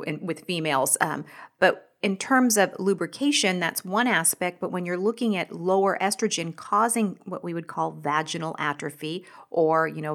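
A female podcast co-host with a somewhat low voice. She explains things in an easy, conversational way, leaning on fillers as she goes. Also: a bit bright. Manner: conversational, frequent "you know". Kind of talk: casual health podcast talk.

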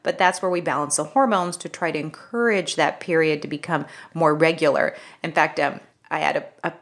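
A woman with a fairly low voice co-hosts a health podcast. She talks in a relaxed, conversational way and explains medical topics plainly. She is middle-aged. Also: fairly quick. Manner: conversational, explanatory, animated when telling a story. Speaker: podcast co-host, health practitioner. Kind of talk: casual health podcast discussion.

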